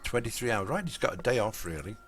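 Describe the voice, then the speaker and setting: A man's voice: fairly low pitch, sing-song, fast. A man from England with an English accent, rambling casually to his chat while streaming a life-sim game. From Lincolnshire, England. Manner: rambling, chatty, talks to viewers in chat. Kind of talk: casual live-stream commentary.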